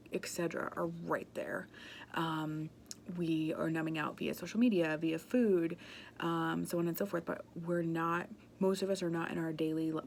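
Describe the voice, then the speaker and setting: A woman's voice: lowish voice, gravelly, slight background noise. A woman giving an earnest, passionate talk about emotional wellbeing, speaking conversationally with frequent "um" and "like" fillers.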